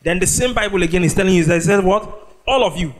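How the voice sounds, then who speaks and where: A man preaching a sermon, leading the congregation in call-and-response and drawing out scripture phrases slowly. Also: sits high. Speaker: pastor. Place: church.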